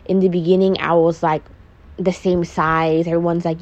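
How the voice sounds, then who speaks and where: Fairly low-pitched and darkish, her delivery is flat and brisk, captured in lo-fi sound. She's a young pregnant vlogger on a makeup podcast, emotional and frank, cursing freely and stuffing her sentences with "like" in a casual confessional chat.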